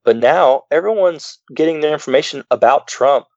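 A man's voice: fairly high pitch, normal speed, darkish tone, dry recording, dull audio. A man co-hosting a casual political chat, rambling with many fillers and restarts. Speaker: podcast co-host.

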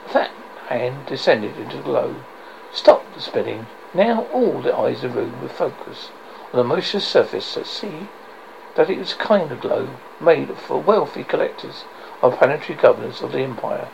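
A man's voice: mid-range voice, expressive, normal speed, creaky, highs cut off, a little hiss or hum. A man reading a novel aloud in a dramatic way, with occasional slips and restarts. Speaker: reader.

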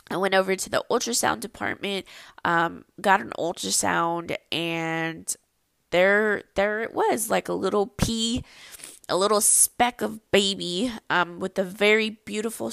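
A young adult woman shares a personal story on her podcast in a loose, chatty way, filling pauses with ums and likes. Her voice sits low with a gravelly fry. The sound is close and dry, with no room echo. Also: a bit bright. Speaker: podcast host.

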